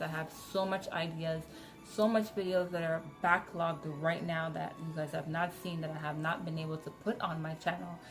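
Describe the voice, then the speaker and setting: A woman with a notably low voice talks to camera in a casual, chatty way, excited and quick to correct herself. She has retainers in, which softens her consonants a little. Faint music plays underneath. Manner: talking with retainers in, slightly muffled. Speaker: vlogger.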